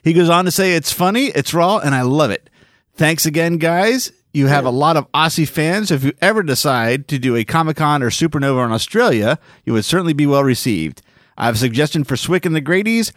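Animated male podcast host reading emails. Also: on the high side, fairly quick, dry recording, clean studio sound. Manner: animated, laughs often, reads emails aloud. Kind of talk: casual podcast chat.

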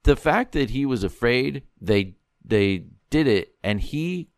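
A man's voice: medium pitch, lively intonation, takes it slowly, no echo, studio quality. A man, a podcast guest, chatting with amusement and enthusiasm, often restarting his sentences. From America. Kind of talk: casual chat.

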